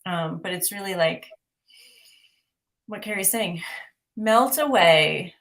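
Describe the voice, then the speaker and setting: A woman's voice: fairly low pitch, slow pace, fairly bright tone. A woman giving intuitive art readings on a livestream, upbeat and chatty, asking lots of rhetorical questions. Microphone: livestream mic.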